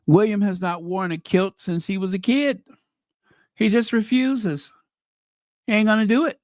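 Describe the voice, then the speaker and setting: A man's voice: sits high, fairly even intonation, measured pace, a little mellow, no echo, clean studio sound. A man hosting a commentary channel, reading news headlines aloud and reacting to them with casual, opinionated asides.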